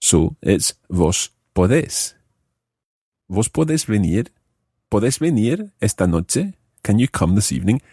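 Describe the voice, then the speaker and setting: A man hosting a podcast language lesson, explaining slowly and repeating example phrases. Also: fairly low pitch, sing-song, dark tone, breathy edge, no room sound, clean studio sound. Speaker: language teacher host.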